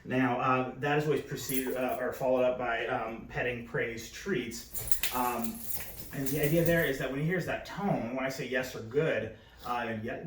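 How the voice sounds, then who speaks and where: A man teaching dog training in a casual, filler-heavy way, now and then switching to a high, bright praise voice. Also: normal speed, slight background noise. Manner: casual, many fillers, raises pitch for praise voice. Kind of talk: instructional demonstration. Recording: echoey, from a distance.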